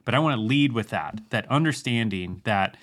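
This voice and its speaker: A man co-hosting a casual podcast, slowing down to stress scripture quotes and rambling easily in between. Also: medium pitch. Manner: slow, emphatic when quoting scripture; relaxed, rambling. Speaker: podcast co-host.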